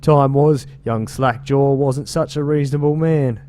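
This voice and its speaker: A man's voice: medium pitch, fairly even intonation, measured pace, mellow, a little hiss or hum, pitched above the performer's own voice, lightly acted. A man putting on a shaky British gang storyteller. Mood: storytelling. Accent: attempted British. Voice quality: slangy, loose mock-British delivery. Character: male street gang member telling tales. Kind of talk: reading game lore aloud.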